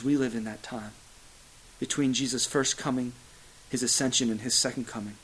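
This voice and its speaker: Guy preaching a sermon, repeats lines, gets loud then drops real quiet, bit of uh here and there. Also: rough recording. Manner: dramatic swings from loud emphasis to hushed low delivery; repetitive preaching cadence with occasional fillers. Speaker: pastor.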